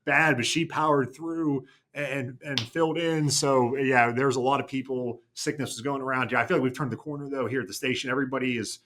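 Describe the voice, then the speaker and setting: A man's voice: mid-range voice, steady tone, a little fast, few pauses, a bit bright. A man co-hosting a casual station chat show, telling a long story with many restarts and fillers. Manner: rambling, self-correcting storytelling. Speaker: TV news anchor.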